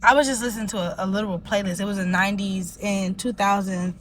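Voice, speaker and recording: A woman's voice: medium pitch, steady tone, fast talker, a little hiss or hum, poor audio. A woman giving a casual tarot reading in a rambling way, leaning heavily on filler words. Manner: rambling, heavy use of "like" fillers. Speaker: tarot reader.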